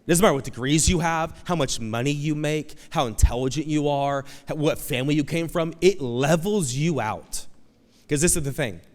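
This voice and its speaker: A man preaching a conversational, animated sermon as pastor, acting out quoted voices. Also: mid-range voice. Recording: long hall reverb.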